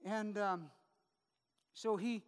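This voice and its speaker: Chatty pastor preaching in a reverberant hall. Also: male voice, sits high, fairly even intonation, very slow, smooth. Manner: conversational, with frequent "right?" asides. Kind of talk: sermon.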